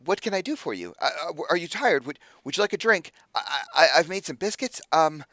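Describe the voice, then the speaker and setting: A man's voice: fast, dry recording. A man voicing a nervous, flustered male scholar who stammers and trips over his words. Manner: stammering, flustered, high and excited.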